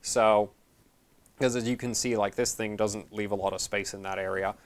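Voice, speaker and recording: A man's voice: on the low side, fairly even intonation, normal speed. A man hosting his channel, explaining a repair in a casual, rambling way, correcting himself often and dropping dry sarcastic asides. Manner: rambling, self-correcting, many fillers. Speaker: channel host.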